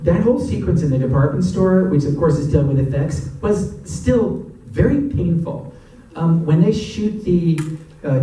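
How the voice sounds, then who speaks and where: A man answering audience questions after a screening, telling stories in a chatty, animated way and laughing often. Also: a little high. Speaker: actor and guest of a Q&A. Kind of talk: audience Q&A storytelling. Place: cinema auditorium. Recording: echoey cinema from far off.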